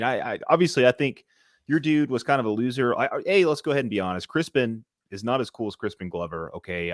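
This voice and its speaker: A man co-hosting a casual live-stream movie debate, rambling and getting loud when heated. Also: fairly low pitch, no room sound, clean studio sound.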